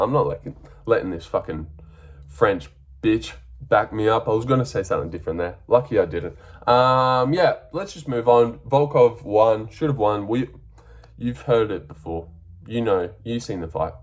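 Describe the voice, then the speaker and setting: A young Australian man giving a casual, blunt and profane breakdown of fights, sarcastic and full of ums. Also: fairly low pitch. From Western Australia. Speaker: MMA fight reviewer.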